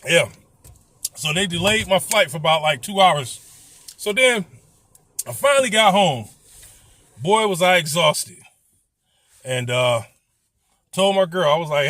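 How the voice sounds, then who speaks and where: A man's voice: high-pitched, animated, a little slow, long pauses, sharp tone, no echo. A middle-aged man telling a casual, profane story, blunt and complaining. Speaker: vlogger.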